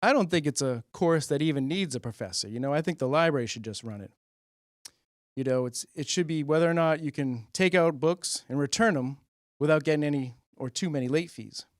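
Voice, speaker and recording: A young man doing a stand-up comedy set, deadpan and rambling, acting out characters in quick voices. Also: on the high side, no room sound, clean studio sound.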